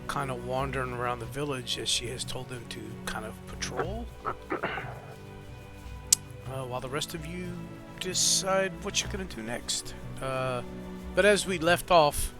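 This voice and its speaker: A man narrating as dungeon master in a rambling way, with many fillers and self-corrections, with the hiccups. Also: mid-range voice. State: has the hiccups. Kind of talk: narrating a tabletop game.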